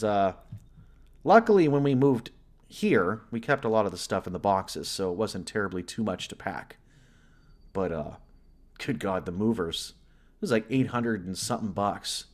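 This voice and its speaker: A man from the US West Coast, chatting casually as a livestream host, rambling and greeting viewers by name. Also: fairly low pitch. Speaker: livestream host and horror story narrator.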